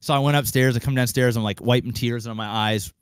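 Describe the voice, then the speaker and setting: A young man on a podcast mic, telling a long story in an animated, casual way, swearing freely and acting out the people in it. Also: medium pitch, fast, smooth, no room sound. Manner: animated, acts out quoted voices, swears freely. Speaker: podcast co-host.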